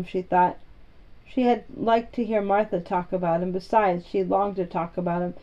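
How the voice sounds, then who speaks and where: A woman narrating a children's storybook aloud in a calm, steady manner. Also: mid-range voice, normal speed, highs cut off.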